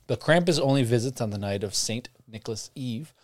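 A man's voice: mid-range voice, lively intonation, brisk. A man co-hosting a casual podcast chat, joking crudely and laughing often while he retells a legend. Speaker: podcast co-host.

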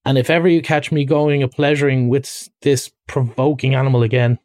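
A man's voice: medium pitch, little pitch movement, brisk, no echo, studio quality, close to an everyday voice. A man reading a storybook aloud, voicing a stern, practical male water rat who speaks firmly and sharply. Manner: firm, sharp, exasperated.

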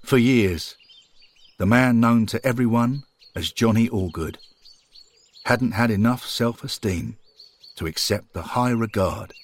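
A man narrating a scripted story in a calm, measured, earnest way. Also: medium pitch. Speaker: podcast storyteller.

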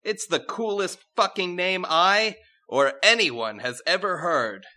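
A man's voice: sits high, expressive, a little slow, sharp tone, pitched above the performer's own voice, full character voice. A man voicing a rebellious fourteen-year-old princess who hands out pompous, crude royal decrees. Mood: regal decree. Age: 14 (figure). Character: rebellious teenage princess, brash and regal.

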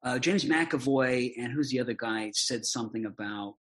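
A mid-pitched man chatting casually on a podcast. His talk is crude and mocking, full of swearing and sarcastic put-on quotes of other people. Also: moderate pace, fairly bright tone. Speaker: podcast co-host. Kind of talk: casual chat.

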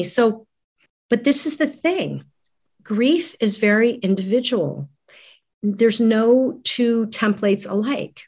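A middle-aged woman, a guest in conversation, speaking earnestly and reflectively, often restarting her phrases. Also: on the high side. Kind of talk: candid conversation.

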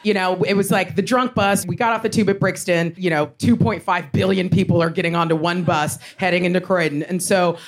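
An American woman telling a comic story as a guest on a live podcast, animated and swearing freely, with lots of "like" and "you know". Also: lowish voice, a little fast, hardly any pauses. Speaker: guest comedian. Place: live theatre show with an audience.

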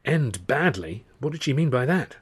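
A man's voice: medium pitch, very animated, moderate pace, slightly rough, voice pushed up. A man voicing a curious young man who keeps interjecting eager questions.

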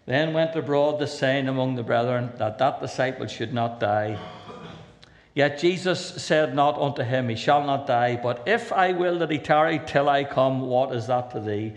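Older Northern Irish preacher in an echoing hall. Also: male voice, mid-range voice, moderate pace. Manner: reads scripture aloud with rising emphasis, adds dry humorous asides. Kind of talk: sermon.

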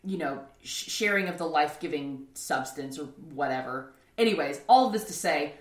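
A woman's voice: low-pitched, animated, moderate pace. A woman co-hosting a podcast, chatting casually about an anime, rambling with many restarts and laughs. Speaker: podcast co-host. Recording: roomy echo.

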